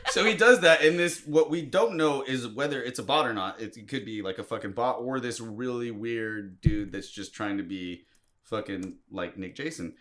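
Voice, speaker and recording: A man's voice: mid-range voice, moderate pace, fairly bright tone, slight background noise. A man co-hosting a podcast, telling a story in casual chat, laughing often and reading messages aloud in mock voices. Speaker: podcast co-host.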